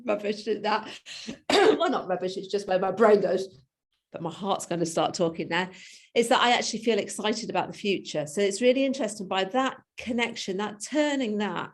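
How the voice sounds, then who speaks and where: A woman, thinking aloud in a coaching session. She talks in loose, searching bursts, breaks off mid-thought and laughs easily, at an ordinary middle pitch. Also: normal speed. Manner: chatty, laughs often, trails off and restarts. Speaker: coaching client. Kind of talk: reflective conversation.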